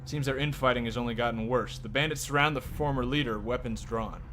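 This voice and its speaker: A man's voice: mid-range voice, fairly quick, a bit bright, a little hiss or hum. A man streaming a card game, reading its text aloud and rambling with casual swearing. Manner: profane, rambling. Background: game music.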